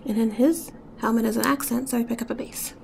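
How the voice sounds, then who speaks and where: A woman giving a step-by-step beading tutorial, talking softly and often dropping to a whisper as she works. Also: on the high side, fairly even intonation, fast talker, gravelly, slight background noise. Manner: soft-spoken, often drops to a whisper while working.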